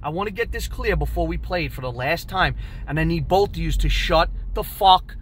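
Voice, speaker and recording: A man in his forties, the show's host, telling a story in a profane, animated and emphatic way. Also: on the high side, a little fast, a little hiss or hum, low-quality recording. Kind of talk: casual storytelling.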